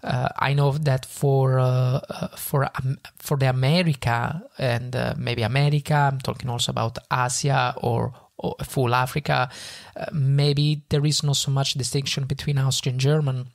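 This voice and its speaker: A man's voice: mid-range voice, level tone, vocal fry, dry recording. Italian-accented man, dry close sound. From Italy. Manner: halting, many fillers and restarts when speaking off-script. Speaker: podcast host. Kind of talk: retelling a speech with personal asides.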